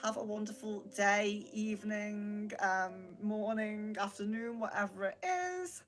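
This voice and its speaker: A woman's voice: mid-range voice, unhurried, poor audio. A British woman hosting a live-stream card reading, greeting viewers by name and chatting casually with many fillers. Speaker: psychic livestream host.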